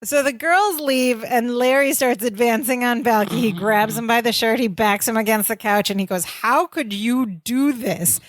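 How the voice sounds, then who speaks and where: A woman's voice: a little high, fairly even intonation, normal speed, hardly any pauses, a little hiss or hum. A woman co-hosting a podcast, recapping a sitcom in casual chat, quoting characters and laughing along. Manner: chatty, laughs often, quotes characters. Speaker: podcast co-host.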